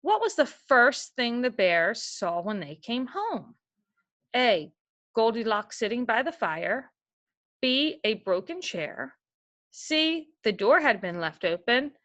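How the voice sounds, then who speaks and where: A woman teacher gives a reading lesson, reading a story aloud slowly and stopping to explain it. She is patient and keeps asking the listener questions, in a voice pitched a little higher than most. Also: sing-song, fairly bright tone, highs cut off.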